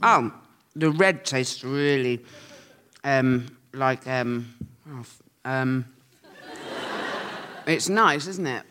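A woman's voice: rumbling low, extremely slow, long pauses, noisy background. A woman co-hosting a live comedy podcast on stage, trading dry, teasing asides. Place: on stage at a London concert hall before a live audience.

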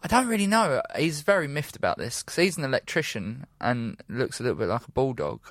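A man's voice: mid-range voice, big pitch swings, a little fast, fairly bright tone, dry recording, studio quality. Sheepish London man on a podcast. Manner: sheepish, self-deprecating. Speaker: podcast co-host. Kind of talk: casual comedic chat.

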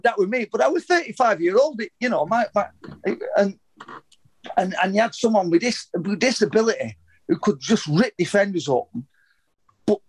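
A man's voice: sits high, husky. Sweary rambling man telling stories. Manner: rambling, heavy swearing, frequent restarts. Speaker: former footballer guest. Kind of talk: casual anecdotal interview.

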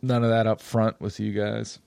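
A man casually telling a story in animated, profane chat with friends. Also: fairly low pitch, moderate pace, vocal fry, smooth, dry recording. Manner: animated, profane storyteller who acts out quotes.

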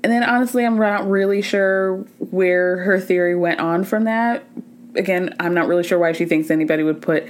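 A woman's voice: on the low side, normal speed, a little hiss or hum. A woman hosting a podcast, giving a casual, profane recap of reality TV and acting out what the cast said. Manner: chatty, profane, acts out quotes in changing voices. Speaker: podcast host. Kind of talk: casual pop culture recap.

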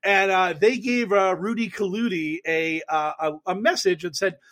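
A man's voice: high voice, moderate pace, a bit bright. A man co-hosting a podcast, chatting casually and mockingly about political news, laughing often and rambling with fillers. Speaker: podcast co-host. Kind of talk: casual comedic political chat.

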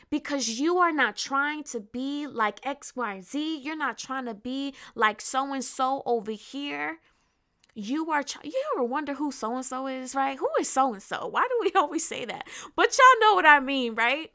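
Woman podcast host, bright and fairly high voice, earnest teaching, frequent "right?". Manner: earnest, repeats "right?" to listeners; restarts and repeats words, laughs lightly.

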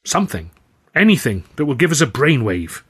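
A man voicing an eager young male comedian full of ideas, speaking in an animated, theatrical way, reading a novel aloud. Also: medium pitch, fairly quick, breathy edge, voice pushed up. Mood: explaining.

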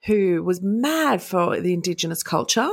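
Gravelly-voiced woman podcaster. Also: lowish voice, expressive, normal speed, no echo. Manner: chatty, laughs, breaks into jokey voices. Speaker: podcast co-host. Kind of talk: casual chat, reading history notes.

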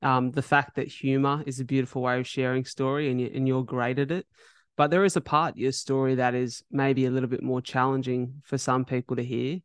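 A male podcast host with a smooth, resonant voice and a very level, even delivery. He asks careful, soft-spoken questions and fills his pauses with "you know." The sound is close and dry. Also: mid-range voice, no room sound. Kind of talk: gentle interview questions.

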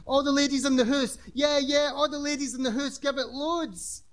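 A man's voice: extremely high pitch, steady tone, normal speed, pitched above the performer's own voice. A man reading a story, voicing a brash, show-offy teenage girl with a cheeky, sing-song manner.

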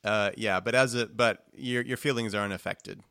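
A man's voice: on the low side, steady tone, normal speed, gravelly, sharp tone, clean tone, dry recording, studio quality. A man narrating a tabletop game as game master, chatty and jokey. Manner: chatty, jokey, trails off with ums.

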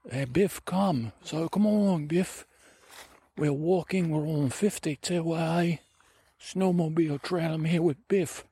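A man's voice: a little high, dark tone, breathy edge, dry recording, pitched above the performer's own voice, heavily acted. A man putting on a dreamy whimsical woods adventurer. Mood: sing-song. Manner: slow, drawn-out, airy delivery. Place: outdoors on a wooded trail. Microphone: handheld recorder with fuzzy windscreen. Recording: faint outdoor traffic ambience.

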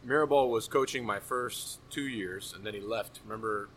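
A man's voice: on the low side, normal speed, a bit bright, slight background noise. A man hosting a casual chat, reflective and laughing easily, with casual swearing.

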